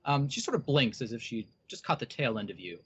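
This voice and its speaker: A man's voice: mid-range voice, very animated, brisk, slight background noise. A man narrating as game master, with many hesitant ums and uhs. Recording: dull lo-fi recording.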